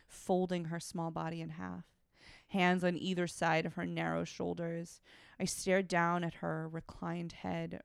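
A woman's voice: fairly low pitch, vocal fry, clear, resonant tone, no room sound, clean studio sound. A woman podcast co-host reading fiction aloud and breaking off now and then for frank, wry asides.

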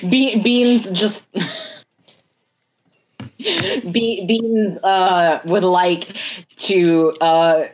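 Woman, tabletop player, slow delivery, giggly, stammers at line starts. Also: medium pitch, a little hiss or hum. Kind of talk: describing her character's actions.

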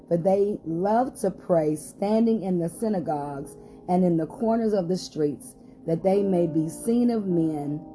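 A woman's voice: lowish voice, dark tone. A woman pastor hosting a short podcast Bible study, reading scripture aloud with rising emphasis and some hesitant fillers.

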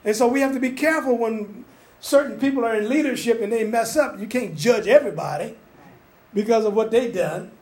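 An older man with a strikingly high voice preaches an informal sermon. He talks in a loose, conversational way, restarting his sentences and acting out the scripture as he goes. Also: fairly quick, a little mellow.

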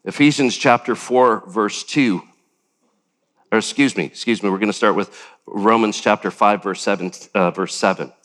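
An older man preaching a sermon as pastor, animated, with sudden jumps up in pitch and acted-out quotes. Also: normal speed.

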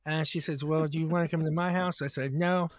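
A man's voice: a little high, brisk. Man telling a story with acted-out dialogue. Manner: animated, acts out both sides of dialogue. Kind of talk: casual storytelling.

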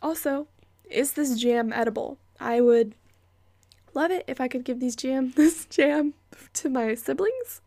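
Young woman podcast host, high voice with gravelly fry, sarcastic profane rants and half-whispered asides, recorded dry and close. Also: a little slow, mellow, no echo. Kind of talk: casual ranting monologue. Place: hot bedroom at home. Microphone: close-up microphone.

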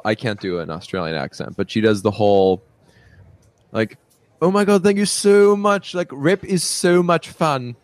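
A man with a fairly low voice co-hosts a podcast, rambling in casual chat with frequent fillers and laughter. The recording is dry.

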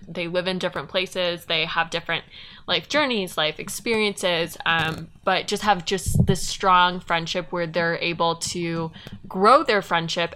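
A woman's voice: lowish voice, bright, forceful tone, a little hiss or hum. A woman co-hosting a podcast in casual chat, bubbly and giggly, rambling a little. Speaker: podcast co-host.

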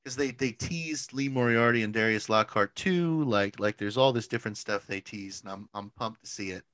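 In a casual podcast chat, a man with a fairly low, fairly bright voice tells a drawn-out story at normal speed, peppered with "like" and frequent laughter. The recording is dry.

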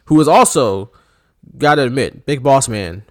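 A man's voice: medium pitch, moderate pace. A man co-hosting a podcast, chatting casually with laughs and joking asides. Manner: laughing, animated, mock-shouting bits. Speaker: podcast co-host. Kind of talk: casual chat.

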